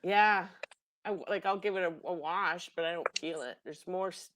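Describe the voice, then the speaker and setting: A woman's voice: fairly low pitch, normal speed, fairly bright tone, dry recording. A woman in casual chat, reacting and laughing along as she listens. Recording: noisy recording.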